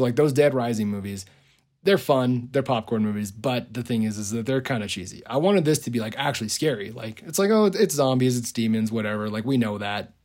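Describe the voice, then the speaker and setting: A man's voice: on the low side, a little mellow. A man casually retelling a movie idea on a podcast, rambling with lots of "like" and frequent chuckles. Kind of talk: casual storytelling.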